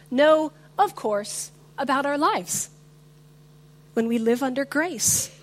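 Slow, lively-voiced woman preacher. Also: high voice. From not from the US. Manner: reflective, self-deprecating, with filler words. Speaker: speaker giving a talk. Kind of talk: sermon-style talk with personal story.

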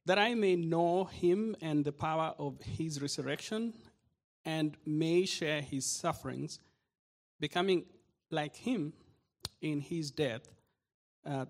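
A man reads scripture aloud at a service, taking his time over each phrase. His voice sits a little high for a man, and he goes slowly and deliberately. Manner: slow, careful reading with slips and restarts. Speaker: scripture reader.

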